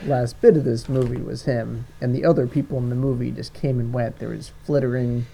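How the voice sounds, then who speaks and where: A man's voice: medium pitch, fairly even intonation, a little fast, creaky, mellow, a little hiss or hum. A man co-hosting a casual movie review chat, rambling with stumbling restarts and frequent laughter. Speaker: podcast co-host.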